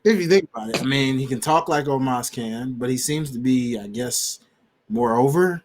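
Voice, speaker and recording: A man's voice: medium pitch, expressive, moderate pace, a little hiss or hum. A man co-hosting a wrestling podcast, chatting casually with slang and acting out quotes in funny voices. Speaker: podcast co-host.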